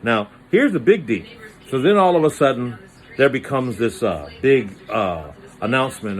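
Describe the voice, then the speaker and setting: Brief: male storyteller, loose slangy comic monologue, voice leaps up for quoted bits. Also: moderate pace. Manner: animated, slangy, acts out voices with pitch jumps.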